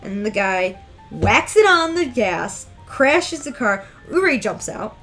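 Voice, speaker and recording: A woman giving an excitable, emphatic, slangy casual breakdown of a manga chapter as a reviewer. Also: on the high side, takes it slowly, faint music behind.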